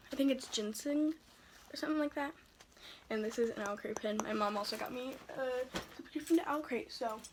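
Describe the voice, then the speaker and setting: A young woman chats eagerly at home, her voice sitting a little high. She rambles with fillers and gushes about what excites her. A faint hiss runs under the recording. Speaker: book vlogger. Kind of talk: casual chat. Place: home room.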